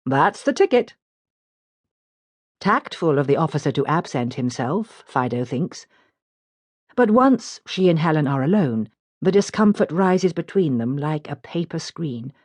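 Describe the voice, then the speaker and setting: A woman narrating a literary audiobook in a measured, expressive way. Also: low voice, no echo.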